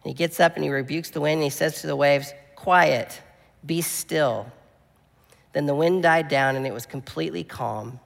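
A male pastor delivers an earnest sermon in a gravelly, somewhat high voice. He builds to emphatic peaks, then falls to quiet, low lines. The sound carries the long reverb of a large hall. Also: quick pace, hardly any pauses.

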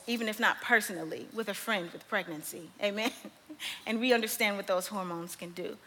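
A young woman preaching a sermon, telling stories with animated energy and frequent laughter. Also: fairly high pitch. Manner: animated storytelling, laughs often. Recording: long reverb of a large hall.

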